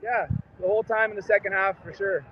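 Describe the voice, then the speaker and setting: A man calling in from outside a stadium, hoarse from shouting, talking in an excited, rambling and slightly tipsy way. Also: sits high, fast talker. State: hoarse, lost his voice. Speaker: fan calling in as a guest. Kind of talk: casual chat. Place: outdoors at a stadium. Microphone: phone call. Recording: noisy lo-fi phone line from outside.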